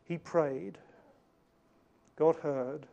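Earnest guy preaching a sermon, bit high, mellow tone, slows down to hit his points. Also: fairly even intonation, vocal fry, muffled recording. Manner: earnest, varies volume for emphasis, slows on key lines.

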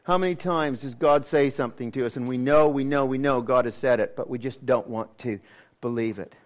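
A man preaching a sermon, repeating key words and asking the congregation rhetorical questions, swinging from excited emphasis to hushed low tones. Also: brisk.

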